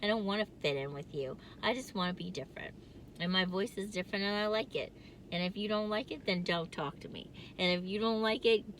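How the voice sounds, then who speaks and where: A woman's voice: mid-range voice, fairly quick, fairly bright tone, a little hiss or hum. A woman vlogging from her car in casual chat, with a distinctive nasal voice, rambling and laughing often.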